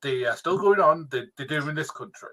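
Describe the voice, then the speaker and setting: A man's voice: fairly high pitch, animated, brisk, pushed and bright. A man co-hosting a podcast, ranting in a sweary way and checking in with "right?" as he talks. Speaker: podcast co-host. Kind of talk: casual podcast banter.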